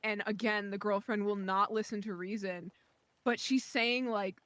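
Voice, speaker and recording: A woman's voice: medium pitch, steady tone, moderate pace, fairly bright tone, dry recording. A woman on a voice call telling a rambling story from home, full of fillers and asides. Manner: rambling, many fillers and likes. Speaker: friend on voice chat. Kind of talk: casual storytelling.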